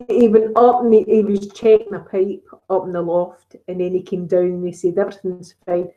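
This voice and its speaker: On her ASMR channel's casual live stream, a middle-aged Scottish woman chats and tells stories punctuated by frequent laughs. Her mid-range voice has a flat delivery at normal speed, recorded with lo-fi sound.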